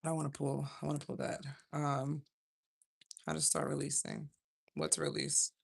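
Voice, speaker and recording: A woman's voice: low voice, flat delivery, normal speed, creaky, breathy edge. Chatty woman doing a tarot livestream. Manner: rambling, chatty, self-interrupting. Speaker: tarot reader. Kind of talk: casual livestream tarot reading.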